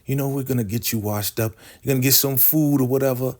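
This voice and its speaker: A man voicing an older woman cult leader with sugary, condescending falsetto praise. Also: steady tone, fast talker, darkish tone, close to an everyday voice. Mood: gushing.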